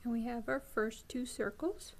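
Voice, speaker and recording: A woman hosting a beading tutorial, explaining each step patiently with frequent ums and pauses. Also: fairly high pitch.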